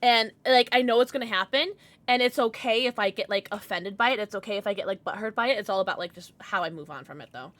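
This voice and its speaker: A woman's voice: medium pitch, fast, a bit bright. A woman in her thirties chatting casually with her stream viewers, affectionate and full of fillers.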